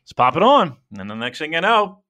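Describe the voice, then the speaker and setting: A man whose voice runs on the high side and a little fast co-hosts a laid-back wrestling podcast. Despite a sore shoulder, he launches into animated, profane, rambling tales.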